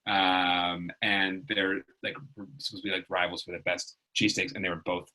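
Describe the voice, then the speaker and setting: A man's voice: sits low, level tone, moderate pace, pushed and bright, rough recording. A middle-aged man teaching a casual online writing lesson, chatty and rambling, with lots of fillers.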